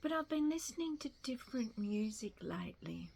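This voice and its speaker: A woman's voice: a little high, sing-song, fairly quick, gravelly, darkish tone, slightly rough. An Australian woman talking casually to camera at home in a rambling, self-deprecating way. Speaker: vlogger. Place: home in Melbourne.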